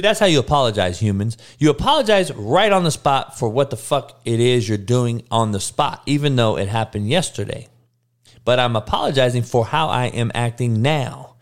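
A hungover man hosting a casual live stream, reading chat with slow, monotone, profane and blunt talk. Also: mid-range voice. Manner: crude, blunt trash talk with frequent swearing. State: hungover, sluggish.

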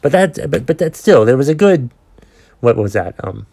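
A man's voice: mid-range voice, big pitch swings, moderate pace, creaky, dark tone. A man in his forties hosting a podcast, telling a long story in a casual, ranting way with plenty of swearing and exasperation. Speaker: podcast host.

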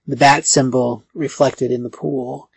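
A man co-hosting a podcast, recapping a comic book in casual, animated talk and jumping in with plot details. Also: medium pitch, unhurried, creaky, breathy edge, no room sound. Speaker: podcast co-host.

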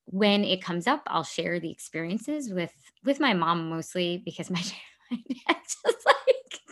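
A woman's voice: on the low side, a bit bright. A woman talking candidly about her life in a casual chat, rambling and correcting herself as she goes. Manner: rambling, self-correcting, earnest.

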